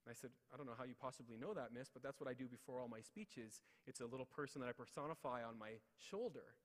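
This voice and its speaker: A quick, energetic man tells stories from a stage through a headset mic. He acts out the people in his stories in raised voices, and his words ring with a long hall reverb. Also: mid-range voice. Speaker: keynote speaker. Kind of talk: motivational storytelling speech. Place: large ceremonial hall.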